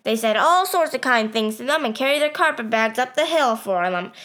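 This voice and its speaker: Woman, fairly high voice, first-person storyteller, steady reading.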